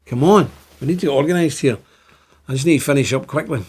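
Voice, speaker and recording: A man's voice: medium pitch, quick pace, darkish tone, husky. A man in his fifties with a Northern Irish accent tinged by Scotland, giving an impassioned, repetitive monologue to camera. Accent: Ulster Scots-tinged Northern Irish. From Northern Ireland. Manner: impassioned, repetitive, rising to exclaim.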